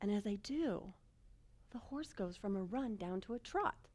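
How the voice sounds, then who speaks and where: A woman telling a personal story in a talk, animated and self-mocking, swinging between hushed lines and loud bursts. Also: mid-range voice, unhurried. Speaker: speaker.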